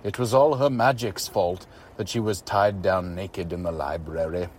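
A man reading a story aloud as scripted narration, in a steady, even way. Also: low voice, moderate pace, slight background noise.

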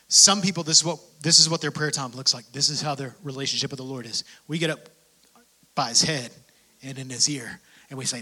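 A man preaching a sermon, dropping to whispers and rising to shouts, acting out prayers in dialogue. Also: medium pitch, fairly even intonation, a little fast, slightly rough. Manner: swings from hushed whispers to shouted passion; acts out prayers and quotes in dialogue.

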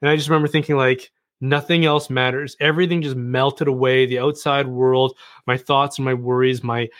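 Guy chatting on a podcast, lively self-deprecating storyteller, dry close mic. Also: mid-range voice, no room sound. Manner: animated, self-deprecating storyteller with frequent restarts. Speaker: podcast guest. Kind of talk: casual storytelling conversation.

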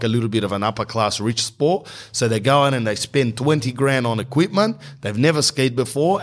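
An Australian man telling a rambling, slangy comedic anecdote that keeps drifting off track. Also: mid-range voice.

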